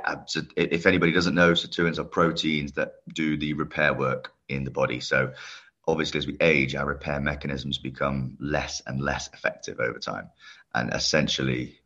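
A man's voice: very deep voice, steady tone, normal speed, bright, forceful tone. A man from the UK as a podcast guest, explaining his work with enthusiasm. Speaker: guest, longevity company head. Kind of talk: podcast interview. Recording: dull lo-fi sound.

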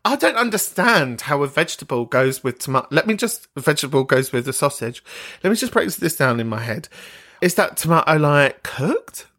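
A man hosting a podcast, chatting casually and swearing freely as he reacts to listener voice notes, gossipy and quick to laugh. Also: a little high, very animated, a bit bright. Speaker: podcast host.

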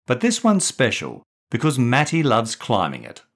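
A man's voice: mid-range voice, wildly swooping pitch, a bit bright, pitched above the performer's own voice, full character voice. A man doing a confident big sister. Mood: reassuring. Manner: brisk, reassuring. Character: older sister, confident school captain.

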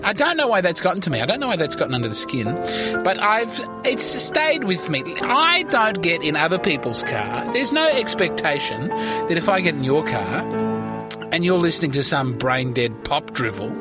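A man's voice: on the high side, very animated, moderate pace, over music. A tired man hosting a rambling solo comedy podcast from a parked car, with theatrical, pompous mock-indignation.

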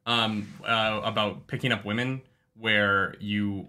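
A man's voice: on the low side, steady tone, slow pace, bright, forceful tone. A man co-hosting a casual book-club podcast, joking around and reading quotes aloud. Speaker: podcast co-host.

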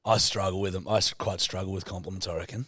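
A man's voice: deep voice, steady tone, quick pace, fairly bright tone, husky, no room sound, clean studio sound. A young Australian man co-hosting a podcast, bantering bluntly and swearing constantly as he teases his co-host. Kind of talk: casual banter.

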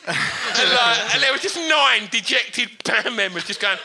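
A man co-hosting a live podcast in front of an audience, telling rowdy, sweary stories. His voice sits high and swoops all over the place, with a very bright, sharp edge. There is a faint hiss behind him. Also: slow pace, creaky, pauses often. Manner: animated, sweary, laughing storyteller. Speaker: podcast co-host.

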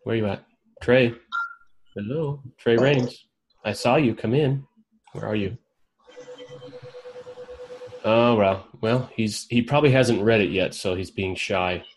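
A man hosting a group video call, upbeat and energetic, calling on members by name. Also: fairly low pitch, takes it slowly, long pauses, slight background noise. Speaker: host of an online roundtable.

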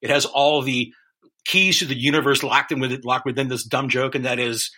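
Husky, bright-voiced man hosting a chat. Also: mid-range voice, steady tone, fairly quick. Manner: loose, joking, emphatic, swears casually. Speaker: interview host. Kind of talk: casual conversation.

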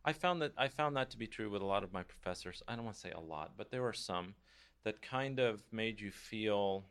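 A man's voice: on the low side, a little fast, fairly bright tone, clean tone. A man hosting a casual interview, chatty and encouraging, often backing the guest up with short replies. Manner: chatty, encouraging, frequent backchannels. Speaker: interviewer, host. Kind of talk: casual conversation.

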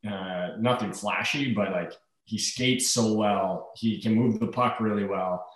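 A man's voice: lowish voice, fairly even intonation, measured pace. A man in his thirties, a hockey player guest in a casual interview, talking in an easygoing, rambling way with fillers. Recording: echoey room.

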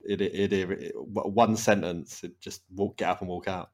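A man with a very low, deep voice hosts a relaxed football podcast among friends. He rambles through his notes, trails off mid-sentence and breaks into laughter often. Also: moderate pace. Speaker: podcast host. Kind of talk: casual chat.

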